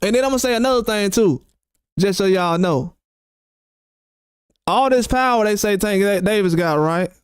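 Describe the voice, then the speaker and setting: High-voiced man ranting about boxing. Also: normal speed, pauses often, smooth, no room sound, studio quality. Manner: animated, mocking, quotes critics sarcastically. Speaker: boxing channel host. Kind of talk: opinionated commentary rant.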